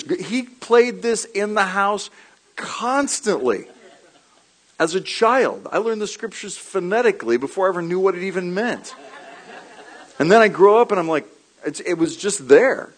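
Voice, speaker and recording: A man preaching a sermon, telling animated stories, laughing briefly and repeating his key lines. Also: medium pitch, rough recording.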